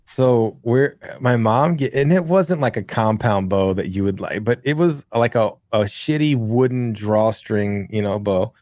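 A man's voice: lowish voice, unhurried, hardly any pauses, no echo. A man co-hosting a podcast, telling rambling, profane stories from his country childhood in a casual chat. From grew up in the countryside. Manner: rambling, profane, animated storyteller. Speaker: podcast co-host.

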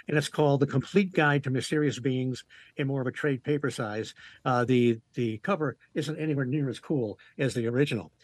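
A man, a regular on a talk show, relaxed and storytelling with many fillers as he gives a report. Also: medium pitch, no echo. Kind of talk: casual radio talk and report.

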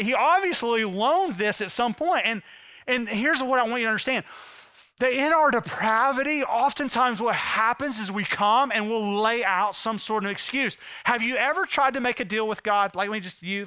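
Male pastor, high bright voice, dramatic delivery that swings between loud and hushed, dry close sound. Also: normal speed, clean tone, no room sound. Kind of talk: sermon.

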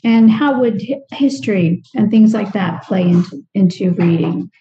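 A woman in a study group asking tentative, curious questions, with many pauses and fillers. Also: medium pitch, warm tone, highs cut off, slight background noise. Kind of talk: group discussion.

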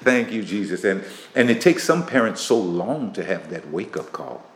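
Man, host, deep low voice, animated, teasing, echoey room with faint hiss. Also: normal speed. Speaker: interview host. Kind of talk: casual faith-based interview.

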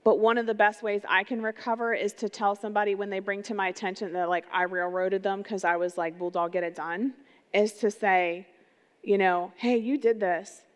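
A middle-aged woman delivers a sermon in a casual, energetic way, checking in with her listeners through quick rhetorical questions. Her voice sits in a middle pitch. It trails off into the long reverb of a large church sanctuary. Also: smooth. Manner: energetic, conversational, asks the crowd rhetorical questions. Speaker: pastor.

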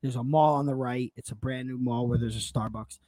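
A man's voice: mid-range voice, fairly quick, no room sound. A man telling a long, emotional story in a casual podcast chat, swearing and tripping over his words as he goes. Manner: excitable storyteller, swearing, repeating himself. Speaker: podcast co-host.

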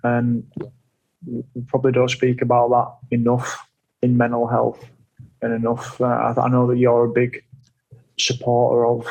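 A man with a gravelly, creaky voice talks in a flat, level tone. He is earnest and reflective, often pausing and repeating himself as he works through his thoughts in a relaxed conversation. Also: mid-range voice, poor audio. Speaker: guest. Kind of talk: casual conversation.

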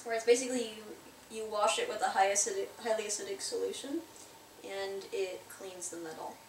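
A woman co-hosting a podcast in casual chat, lively and giggly. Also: medium pitch, fairly quick. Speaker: podcast co-host. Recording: echoey room, distant mic, faint noise.

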